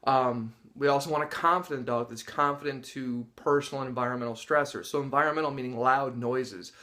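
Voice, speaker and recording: A man in an ordinary middle pitch, talking through dog training in a casual, explanatory way. He gets animated and acts out little reactions with gasps and chuckles as he goes. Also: fairly quick. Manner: animated storyteller who acts out dogs' and people's reactions with gasps and laughs. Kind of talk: casual instructional talk to camera.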